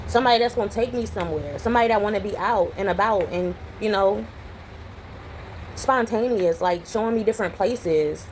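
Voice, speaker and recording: A young adult woman, chatting casually to camera at home as a vlogger and telling stories in a lively way. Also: medium pitch, a little fast, slight background noise, poor audio. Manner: chatty storytelling, animated when retelling. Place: home, indoors.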